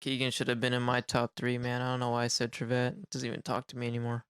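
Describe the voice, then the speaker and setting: A young man on a casual podcast, bantering in loose slang and quick to laugh along with the others. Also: mid-range voice, completely flat delivery, fairly bright tone, clear, resonant tone, dry recording, clean studio sound. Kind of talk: casual chat.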